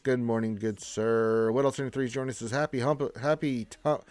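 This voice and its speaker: A man's voice: mid-range voice, fairly even intonation, normal speed, darkish tone, dry recording. A man hosting a live game stream, congested from allergies, chatting in a laid-back, rambling way as he reads viewer comments.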